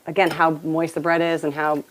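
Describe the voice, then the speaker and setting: A deep-voiced woman speaks in a level tone, a little fast, against a noisy background as she hosts a cooking show from her home kitchen. Chatty and playful, she jokes her way through a recipe in a casual demonstration, laughing often.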